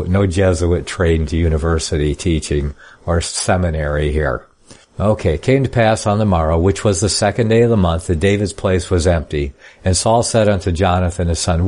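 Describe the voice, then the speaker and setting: A man with a very low voice teaches a Bible study. He reads scripture in an old formal style, then drops into plainspoken, folksy asides to explain it. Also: darkish tone. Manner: reads scripture in King James style then comments casually. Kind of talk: Bible study reading and commentary.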